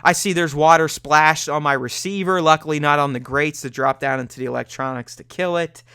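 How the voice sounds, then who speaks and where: A man's voice: a little high, steady tone, brisk, bright, forceful tone, clear, resonant tone, dry recording, studio quality. A young man hosting a podcast, telling a candid, profane story about himself and acting out his own reactions. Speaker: podcast host. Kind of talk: solo confessional podcast monologue.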